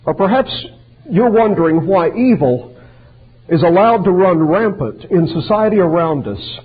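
A man's voice: high voice, lively intonation, measured pace, breathy edge. A man preaching an earnest sermon, quoting scripture in old-fashioned wording and lifting his voice on the quotes. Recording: muffled phone-like recording.

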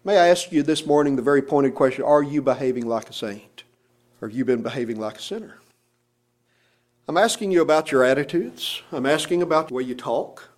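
A man's voice: medium pitch, brisk. A middle-aged man, a pastor, preaching a sermon with rising emphasis and pointed rhetorical questions.

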